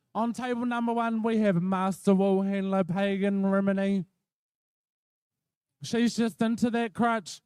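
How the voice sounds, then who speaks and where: A man's voice: high voice, clear, resonant tone, dry recording. A man giving expert play-by-play, explaining each step of the wool handling. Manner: explains each step in a steady, even flow. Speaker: expert commentator. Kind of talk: live play-by-play commentary.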